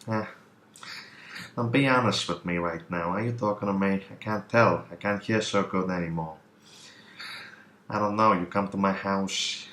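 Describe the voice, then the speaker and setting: A man's voice: normal speed, pauses often, fairly bright tone. A man doing a menacing old movie gangster. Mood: needling. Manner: repetitive, needling, low muttered threats. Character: menacing older male movie gangster, touchy and threatening. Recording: roomy echo.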